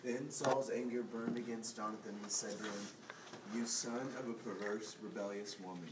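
Low male voice reading scripture from afar. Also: steady tone, normal speed. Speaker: scripture reader in a study group. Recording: distant from the mic with room noise.

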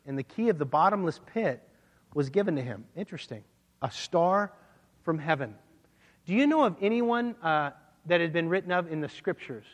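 A man preaching a sermon, teaching verse by verse and reading scripture aloud. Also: fairly high pitch. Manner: expository Bible teaching, reads scripture aloud. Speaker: pastor. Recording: long hall reverb.

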